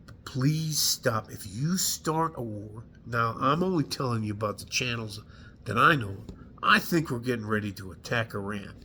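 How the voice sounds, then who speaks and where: A man's voice: mid-range voice, animated, moderate pace, pushed and bright, a little hiss or hum. A middle-aged man, a combat veteran, speaking emotionally to camera in a heated, profane rant, sighing and stuffy-nosed as he holds back tears. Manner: heated, profane, breaks off with sighs.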